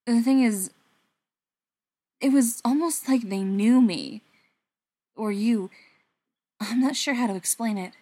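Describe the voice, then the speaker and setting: A woman voicing a hot-tempered, hurt young man who snaps loudly and pitches his voice up in anger. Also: slow pace, pauses often, no room sound. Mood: subdued. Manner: loud and snapping, voice rising when angry.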